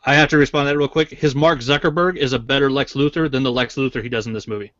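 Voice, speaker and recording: A man's voice: medium pitch, steady tone, quick pace, fairly bright tone, no echo, lo-fi sound. Opinionated man arguing on a podcast. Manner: opinionated, argumentative, swears casually. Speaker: podcast co-host. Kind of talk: casual podcast chat.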